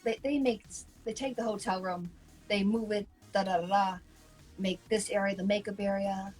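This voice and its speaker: A woman co-hosting a casual live chat, telling stories in a lively way and acting out other people's lines. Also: mid-range voice, normal speed, breathy edge, soft background music, poor audio. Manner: animated storyteller who acts out quoted voices. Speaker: co-host.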